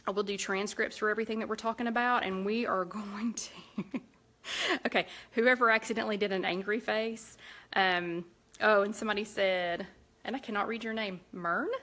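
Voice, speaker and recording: A woman's voice: mid-range voice, fairly even intonation, a little fast, fairly bright tone. A woman with a Southern US accent hosting a live cooking chat, rambling casually as she cooks in a home kitchen. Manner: chatty and rambling, talks while cooking. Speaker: cooking show host.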